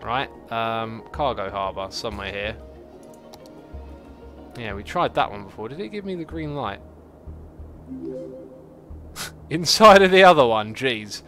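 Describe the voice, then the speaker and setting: A man giving casual, chatty livestream commentary while building a city in a game, reacting out loud to it and answering chat. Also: medium pitch, animated. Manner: chatty, talks to the game and to chat, quick exclamations. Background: faint background music.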